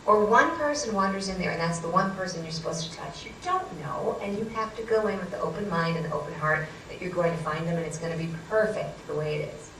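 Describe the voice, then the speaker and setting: A woman voicing a psychic medium friend, speaking in a calm, reassuring, coaching way. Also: fairly low pitch, fast, hardly any pauses, a little hiss or hum, natural voice. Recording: roomy hall, distant mic, faint ambience.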